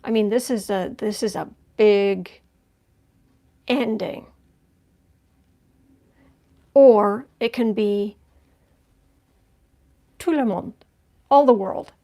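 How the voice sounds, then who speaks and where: A woman's voice: mid-range voice, very slow, pauses often, mellow. A woman reading tarot cards on a livestream, thinking aloud in a conversational way as she turns each card. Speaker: tarot reader.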